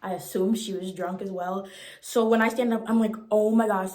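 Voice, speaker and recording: A young woman in her twenties telling a storytime vlog in an animated, slangy way and acting out the voices. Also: medium pitch, a little fast. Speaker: vlogger. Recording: roomy echo.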